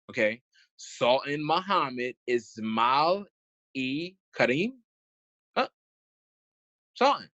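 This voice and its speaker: A man's voice: mid-range voice, lo-fi sound. A man doing casual, indignant commentary as he reads old documents aloud, rambling and restarting, with informal speech full of "y'all". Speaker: online commentator.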